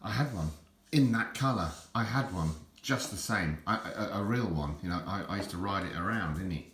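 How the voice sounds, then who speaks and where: Deep-voiced older man rambling in an echoey room. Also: moderate pace, fairly bright tone. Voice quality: deep, self-described nappy voice. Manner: rambling, stammering repeats. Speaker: collector showing items. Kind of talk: casual rambling vlog.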